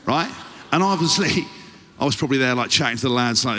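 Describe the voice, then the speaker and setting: A man's voice: mid-range voice, animated, fast, vocal fry, sharp tone. A male podcast host spins a rowdy, swear-laden anecdote and keeps checking in with his listeners. He is recorded live on stage, with a long reverb trailing through the venue.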